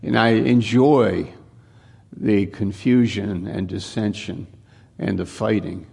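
A male pastor preaching a sermon, unhurried and often repeating or restarting his words. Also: on the low side, steady tone, creaky, a little mellow, husky.

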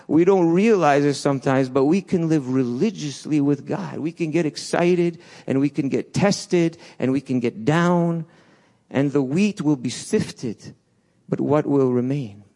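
A man preaching a sermon in a church, swinging between loud urgent peaks and soft low asides, with restarts along the way. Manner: passionate, rises and falls, restarts, acts out quotes.

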